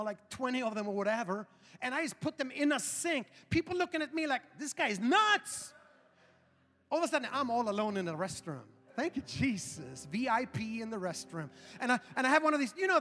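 A high-voiced man preaching with humor, animated and punching his lines loudly at the peaks. His voice carries through a large church hall with a long reverb tail. Faint music sits underneath. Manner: animated, humorous, building to loud emphasis. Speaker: pastor. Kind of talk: storytelling sermon.

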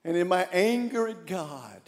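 An older man preaching a sermon, passionate and shouting his refrains. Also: high voice, very animated, a little slow, in a large hall. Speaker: pastor. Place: church sanctuary.

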